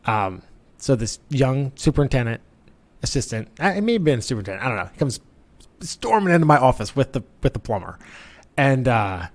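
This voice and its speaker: A middle-aged man co-hosting a casual chat, telling work stories in an animated way. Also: medium pitch, brisk. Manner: storytelling, animated, frequent "you know". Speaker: co-host, construction manager.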